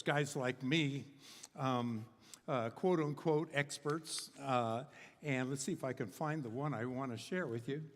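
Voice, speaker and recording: A man's voice: medium pitch, a bit bright. An older man preaching a humorous sermon, rambling and joking with many fillers and restarts. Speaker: guest preacher. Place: church sanctuary. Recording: long hall reverb in a church.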